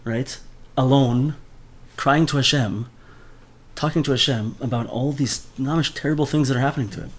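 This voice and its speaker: A man's voice: mid-range voice, normal speed. Man teaching a Torah class. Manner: animated, mixes Hebrew terms into speech, repeats words often.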